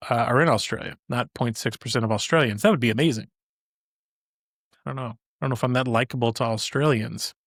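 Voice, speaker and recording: A man's voice: mid-range voice, no room sound. Guy doing a solo podcast, chatty, lots of ums and restarts, dead dry mic, no room sound. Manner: rambling, casual, many fillers and restarts. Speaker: podcast host.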